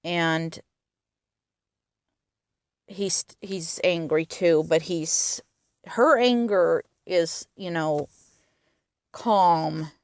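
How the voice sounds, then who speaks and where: A woman's voice: fairly low pitch, clean tone, dry recording, clean studio sound. A woman retelling a film's plot in earnest detail, stressing its emotional moments. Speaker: film reviewer.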